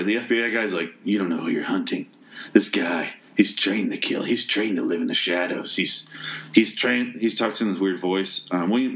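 A man tearing into a movie in a loose, rambling rant, dropping curses and sarcastic asides. His voice sits slightly low, and he keeps stumbling over restarts as his exasperation builds. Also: fairly bright tone. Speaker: movie reviewer. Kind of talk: casual spoken rant.

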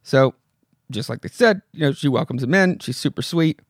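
A man's voice: medium pitch, lively intonation, moderate pace, creaky, dry recording, clean studio sound. A man hosting a podcast, casually retelling a horror comic with loose fillers from his home mic. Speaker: podcast host.

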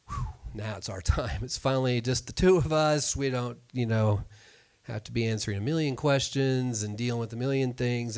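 A middle-aged man preaching a sermon in a conversational way, often repeating words as he starts a sentence. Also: mid-range voice. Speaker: pastor.

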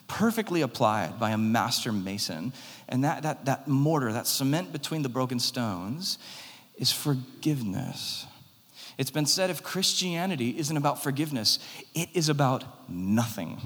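Male pastor, dramatic preaching, loud-to-hushed swings, long hall reverb. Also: mid-range voice. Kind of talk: sermon.

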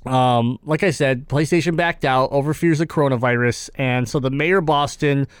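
A man's voice: mid-range voice, moderate pace, smooth, no echo, clean studio sound. A man co-hosting a gaming podcast in loose, joking banter, laughing often and reading quotes aloud. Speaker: podcast co-host.

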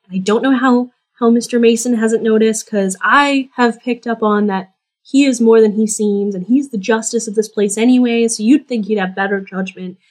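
A woman's voice: fairly high pitch, moderate pace. A woman running a tabletop game as game master, narrating scenes and talking in her characters' voices. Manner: animated, shifts into characters' voices.

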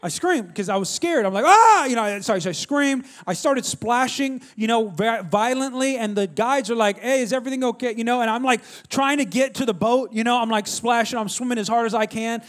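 High-voiced man preaching with lively storytelling. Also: a little fast, few pauses. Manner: storytelling, animated, calls out to the congregation. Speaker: pastor. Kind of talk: sermon.

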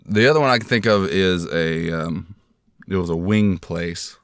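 Male podcast host, deep voice, self-deprecating storyteller, dry close mic. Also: moderate pace, no echo. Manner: rambling, self-deprecating, jokey.

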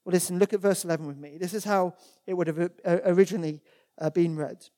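Rich: A preacher giving a sermon in a church in a mellow, darker-toned voice. The delivery is earnest and emphatic, leaning on repeated words to drive each point home, with Bible verses read aloud along the way. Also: medium pitch, steady tone, fast talker.

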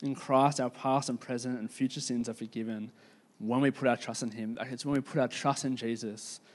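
A man preaching a sermon in a casual, conversational storytelling way, with lots of "like" fillers and slowing down to stress key points. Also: medium pitch. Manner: casual, filler-heavy, slows down for emphasis.

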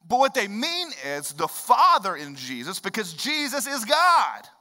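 A man in his thirties preaching a sermon in a church, swinging from loud emphatic bursts to low hushed lines. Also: huge pitch swings, a little slow, long reverb tail. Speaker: pastor. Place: church sanctuary.

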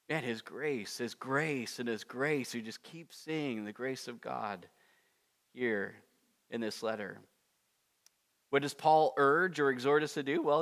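A man preaching a conversational expository sermon, with animated asides and acted-out prayers. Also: mid-range voice. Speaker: pastor.

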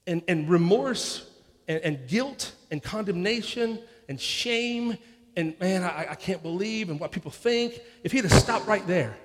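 A man's voice: sits high, in a large hall. A man pastor preaching a sermon in a conversational way, often restarting and acting out people's inner voices.

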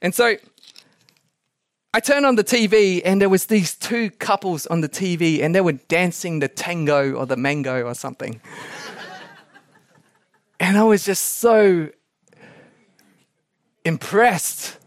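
A male pastor preaches a podcast sermon, full of animated stories and chuckling asides. His voice is high for a man, and he speaks unhurriedly with long pauses. The recording is dry and close, with no room echo.

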